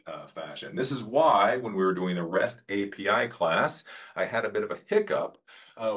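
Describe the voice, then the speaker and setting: A man teaching a casual coding lesson, talking bluntly and rambling, with loud emphasis and mumbled asides. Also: low-pitched. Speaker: coding instructor.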